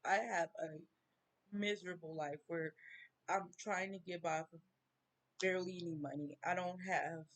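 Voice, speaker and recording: Woman, vlog rant, slow and halting, close to crying. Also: on the low side, steady tone. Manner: slow, halting, tearful grief. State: near tears. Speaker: vlogger. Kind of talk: personal rant to camera.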